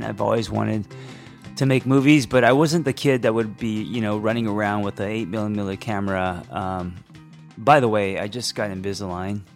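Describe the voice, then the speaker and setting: Lisping man in his forties. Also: medium pitch. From Los Angeles. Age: 40s. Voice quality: slight lisp from braces. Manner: rambling, full of ums and tangents. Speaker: therapist and podcast host. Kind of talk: unscripted casual monologue.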